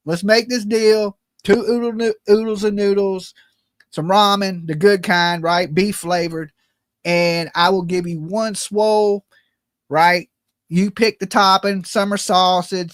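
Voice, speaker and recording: Male stream host, high voice, loose profane joker, dry close sound. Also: fairly bright tone, no echo. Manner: loose, rambling and profane, jokey phone-prank banter. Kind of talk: casual joking livestream chat.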